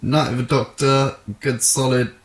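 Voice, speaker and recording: A man's voice: mid-range voice, level tone, measured pace, crowd noise. A man co-hosting a casual fan review podcast, chatty and jokey as he wraps up the episode. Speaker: podcast co-host. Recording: echoey room.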